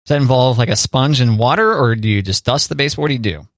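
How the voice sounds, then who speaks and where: A man's voice: mid-range voice, fast, no room sound, studio quality. A man co-hosting a casual chat show, jokey and teasing, often asking his co-host questions. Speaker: podcast co-host.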